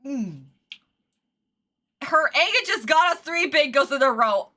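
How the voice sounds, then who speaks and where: A woman's voice: high voice, animated, normal speed, pushed and bright. A young adult woman streaming an episode reaction, ranting and swearing in exasperated outbursts. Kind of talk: casual livestream reaction.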